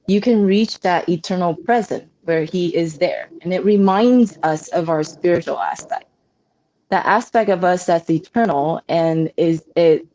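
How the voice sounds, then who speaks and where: A woman talking as an interview guest, telling stories in a lively way and laughing often. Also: fairly low pitch, low-quality recording. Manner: laughs often, animated storytelling. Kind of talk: casual interview conversation.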